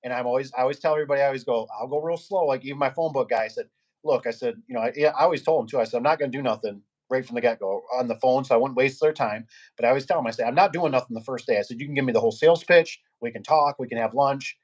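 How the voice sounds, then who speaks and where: A man's voice: medium pitch, very fast. A man, a garage door business owner, chatting casually and rambling through stories while acting out the people he quotes. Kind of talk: casual podcast chat.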